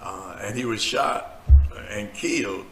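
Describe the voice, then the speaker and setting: A man's voice: fairly low pitch, lively intonation, slow, reverberant, over music. A man hosting a casual talk show as a preacher, bantering with laughter and turning earnest and preachy when he speaks about faith. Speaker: host, preacher. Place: studio set.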